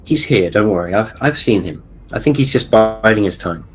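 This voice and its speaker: Man player at a tabletop game, low voice, faint music behind. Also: expressive, low-quality recording. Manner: thoughtful, halting.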